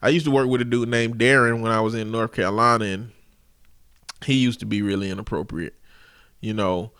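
Bright-voiced man telling animated anecdotes. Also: on the low side, fairly quick, clear, resonant tone, dry recording, clean studio sound. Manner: animated, profane anecdotes, laughing. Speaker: podcast host. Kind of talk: casual chat.

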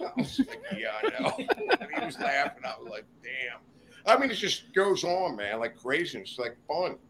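Over a loud crowd, a man with a slightly high voice tells a wild story at a moderate pace as a guest in a podcast studio. His animated, casual telling is full of cursing and laughter.

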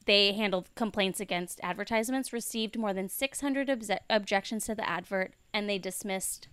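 A woman's voice: mid-range voice, moderate pace, clean tone, dry recording. A woman co-hosting a casual podcast, reading out research with jokes and running a quiz. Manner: animated, reads research aloud with jokes. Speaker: podcast co-host.

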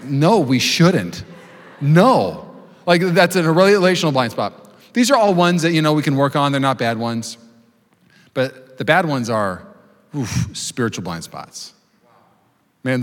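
Fired-up pastor man in a reverberant hall. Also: medium pitch. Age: 30s. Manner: storytelling, acts out voices, rising to loud preaching. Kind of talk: sermon.

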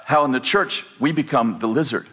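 A man's voice: medium pitch, moderate pace, fairly bright tone. An older man giving a sermon, rambling through a family story with many fillers and restarts, then building into emphatic declarations. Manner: rising, emphatic preaching in declarations. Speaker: preacher.

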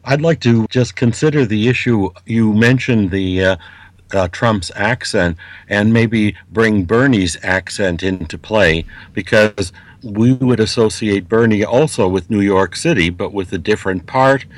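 Man moderating a podcast, lowish voice, dry close sound, a bit hesitant. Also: a little slow, dry recording, low-quality recording. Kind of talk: podcast panel discussion.

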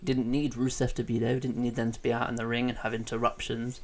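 A man's voice: medium pitch, little pitch movement, fast talker, darkish tone. A man co-hosting a podcast, chatting casually and hesitantly with plenty of fillers. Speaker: podcast co-host. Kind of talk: casual wrestling chat.

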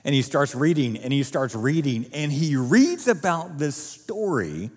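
A man's voice: a little high, very animated, measured pace, a little mellow, breathy edge, in a large hall. A male pastor preaching a sermon, retelling a story vividly with casual asides to the congregation. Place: church auditorium.

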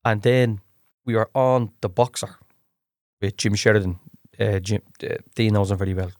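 Dublin guy, middle-aged, lowish voice, rambling stories, dry close mic. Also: normal speed, no echo. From Ireland. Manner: animated anecdotes, restarts and repeats words. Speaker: guest actor. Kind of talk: casual storytelling in a podcast interview.

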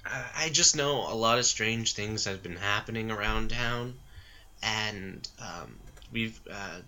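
A man's voice: lowish voice, a little slow, sharp tone. A man voicing a shy, hesitant eight-year-old boy who stammers over his words. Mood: nervous.

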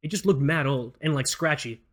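A man hosting a podcast, telling a story in a casual, animated way, acting out quotes and laughing often. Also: on the high side, fairly quick. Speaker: podcast host.

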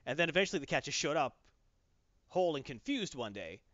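A man in casual chat, animatedly retelling a comic plot and slipping into quick character voices. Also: fairly high pitch, very animated, lo-fi sound, a loud crowd.

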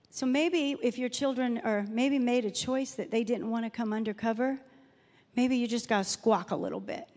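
A woman's voice: a little high, a little mellow. A middle-aged woman, preaching a chatty sermon full of personal stories and Bible readings. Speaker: guest speaker at a church Mother's Day service. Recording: reverberant hall sound.

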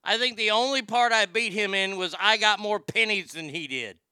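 A middle-aged man ranting comedically and profanely, swinging from loud outbursts to muttering. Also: high-pitched, normal speed, clear, resonant tone, no echo, clean studio sound. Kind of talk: casual comedic rant.

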